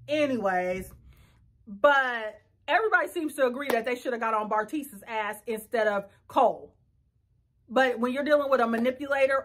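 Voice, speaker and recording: A woman talking in a casual reaction vlog, blunt, sassy and profane, with quick talkative asides. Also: sits high, a bit bright. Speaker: vlogger reacting to a reality show.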